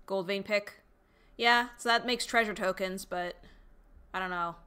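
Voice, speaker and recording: A woman's voice: medium pitch, unhurried, sharp tone, smooth. A woman streamer chatting casually with viewers, thinking aloud and reading out chat between fillers. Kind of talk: casual live-stream chat while deckbuilding.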